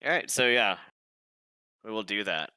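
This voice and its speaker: A man running a tabletop game as game master, in a relaxed, rambling way. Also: lowish voice, normal speed, clear, resonant tone, no echo, low-quality recording.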